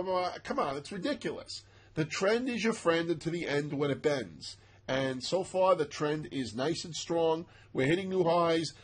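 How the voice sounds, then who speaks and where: Husky man, brisk emphatic chart talk, slightly raised pitch. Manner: animated, emphatic, self-mocking asides. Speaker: stock market analyst. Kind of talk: casual market commentary over charts.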